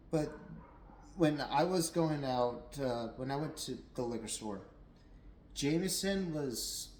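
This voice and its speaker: A young man talks through a whiskey tasting in a loose, rambling way, a bit tipsy, full of fillers and restarts. His voice sits at an ordinary middle pitch. The room rings noticeably around him, with faint background noise underneath. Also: darkish tone, echoey room, low-quality recording. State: a little tipsy. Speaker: whiskey reviewer. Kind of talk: casual tasting review. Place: at home.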